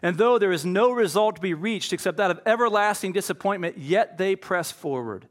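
A man's voice: sits high, lively intonation, fairly quick. A man preaching a sermon as pastor. He tells stories in a conversational way and acts out the voices he quotes.

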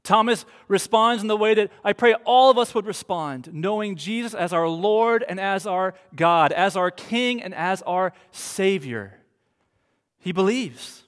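Man preaching, high voice, church sermon, animated then hushed, long hall echo. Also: a little slow. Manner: expressive storytelling, swings between loud animated and soft hushed delivery. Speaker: pastor.

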